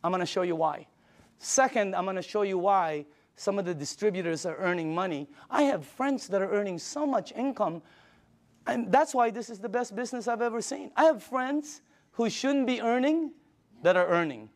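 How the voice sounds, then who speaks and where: An older man giving a sales pitch, enthusiastic and emphatic, telling stories to his audience. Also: expressive, normal speed. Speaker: sales presenter.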